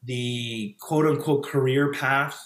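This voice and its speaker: A man's voice: mid-range voice, fairly even intonation, slow, roomy sound. A man in his thirties, a former pastor, speaking as a podcast guest in a reflective, casual way with frequent fillers and restarts. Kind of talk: casual conversational interview.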